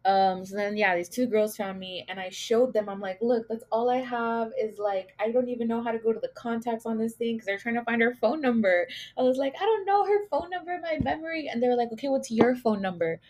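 A woman's voice: fairly high pitch, fairly even intonation, a little fast, hardly any pauses, a little mellow. Rambling young woman telling a story. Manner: rambling, heavy use of "like", swearing, laughing at herself. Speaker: podcast host. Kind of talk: casual storytelling rant.

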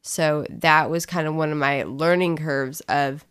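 A woman's voice: low voice, fairly even intonation, measured pace, clean tone. A woman talking candidly in a casual testimony chat, rambling and emotional as she tells her story. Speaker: co-host sharing her story.

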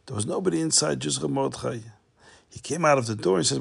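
A man telling a Hasidic tale, animated and repeating phrases for suspense. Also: medium pitch, fast, gravelly, husky. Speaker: storyteller.

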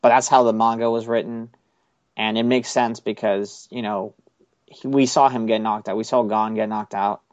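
Low-voiced rambling podcast host man. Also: fairly even intonation, normal speed, no echo. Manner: rambling, loose, swears casually, many fillers. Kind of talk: casual chat recapping an anime episode.

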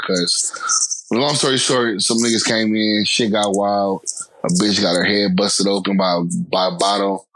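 Animated man telling a story, dry sound. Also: lowish voice, no echo, rough recording. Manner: animated, slangy, lots of profanity. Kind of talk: casual storytelling.

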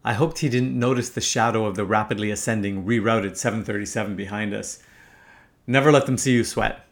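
A man's voice: on the low side, fairly even intonation, brisk. A man in his fifties from Canada, telling a first-person story in a wry, casual way, swearing freely. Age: 50s.

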